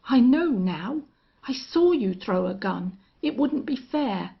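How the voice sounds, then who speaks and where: A frightened, blustering young rancher's son, as a woman narrator puts him on, his voice jumping high and loud as he stammers. His voice has a husky grain, and the recording sounds dull and lo-fi. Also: very animated, slow pace, heavily acted. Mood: panicked. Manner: shrill, panicky stammering. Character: cowardly, blustering young male ranch heir.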